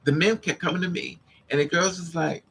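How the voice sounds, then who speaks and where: A woman vlogger telling a story in a casual, animated way, repeating lines for emphasis and acting out what men said to her. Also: fairly low pitch, fairly quick, husky, rough recording. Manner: acts out the men's lines in quotes.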